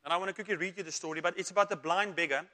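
A man's voice: high voice, rapid-fire, pushed and bright. A man preaching a sermon, asking rhetorical questions, calling for amens and repeating words as he goes. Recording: long reverb of a church hall.

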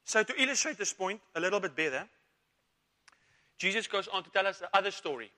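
A man's voice: high-pitched, lively intonation, brisk, bright, forceful tone. A man preaching a sermon, asking rhetorical questions, calling for amens and repeating words as he goes. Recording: long reverb of a church hall.

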